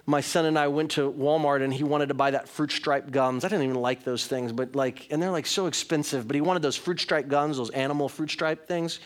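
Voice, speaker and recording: Middle-aged pastor guy preaching, kinda high voice, earnest, talks right at the crowd. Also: steady tone, brisk, few pauses. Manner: earnest, rising to emphatic, uses direct address. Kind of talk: sermon.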